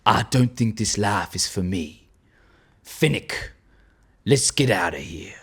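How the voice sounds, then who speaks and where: An Australian man doing a low growling bounty hunter. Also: animated, slow pace, fairly bright tone, husky, full character voice. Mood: gruff. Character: gruff weary male bounty hunter.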